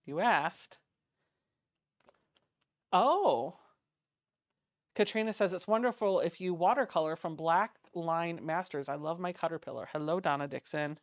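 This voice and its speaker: A woman's voice: lowish voice, unhurried, pauses often, no room sound, studio quality. A woman hosting a quilting livestream, chatting casually while she sews and reading out viewer comments. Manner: chatty, reads out viewer comments, hums little sound effects while working. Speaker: quilting channel host.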